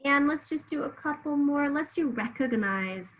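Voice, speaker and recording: A woman's voice: high voice, animated, moderate pace, poor audio. A woman teaching a spelling lesson, patiently sounding words out syllable by syllable and encouraging the listener.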